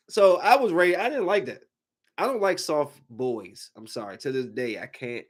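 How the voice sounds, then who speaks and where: A man's voice: a little high, normal speed. A man in his thirties, a podcast host, telling stories casually and acting out voices. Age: 30s. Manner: animated, acts out voices in anecdotes. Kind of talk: casual storytelling.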